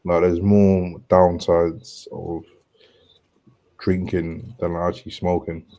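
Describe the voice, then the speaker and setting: Low-voiced laid-back stoned man. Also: level tone, dark tone. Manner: laid-back, halting, sets up questions. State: high. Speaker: podcast co-host. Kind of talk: casual chat.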